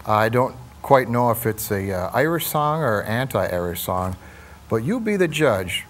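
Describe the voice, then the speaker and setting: A man's voice: medium pitch, big pitch swings, unhurried, slight background noise. A man hosting a talk show who rambles and stumbles over his words. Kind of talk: casual talk show chat.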